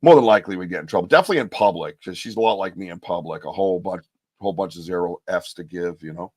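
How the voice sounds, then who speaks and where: A man's voice: deep voice, quick pace, a little mellow, no echo. Joking, rambling New man host. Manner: loose, joking, rambling with slang. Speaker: podcast host. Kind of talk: casual live-stream chat.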